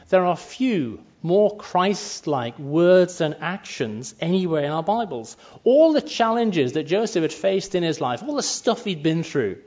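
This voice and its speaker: Male preacher, chatty sermon, slightly high voice, dull lo-fi recording. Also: a little mellow. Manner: conversational, acts out brief quoted asides. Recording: muffled lo-fi sound.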